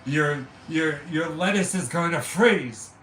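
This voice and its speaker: A man's voice: fairly high pitch, takes it slowly, fairly bright tone. A man co-hosting a watch party, teasing and playfully needling in casual chat. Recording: roomy, distant mic, some noise.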